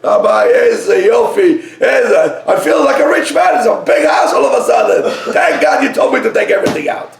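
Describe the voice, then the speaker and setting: A man playing a frazzled husband at his wits' end, stumbling over his words in a high, swooping voice. The sound carries a roomy echo and a gravelly edge. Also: big pitch swings, moderate pace, a little mellow, a faint crowd, slight background noise. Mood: elated. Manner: flustered, stammering. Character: fed-up middle-aged husband, frantic.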